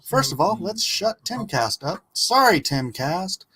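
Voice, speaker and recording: Lively, chatty man hosting a livestream. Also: high voice, unhurried, slightly rough. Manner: relaxed, chatty, laughs easily while eating. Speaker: livestream host. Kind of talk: casual livestream chat.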